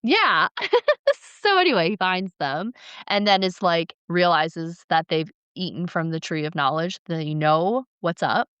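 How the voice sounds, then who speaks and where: A woman co-hosting a podcast, casually retelling ancient myths with playful, animated flair. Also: lowish voice, unhurried, clean tone, dry recording, highs cut off. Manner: animated, acts out characters, playful. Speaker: podcast co-host. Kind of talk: casual storytelling chat.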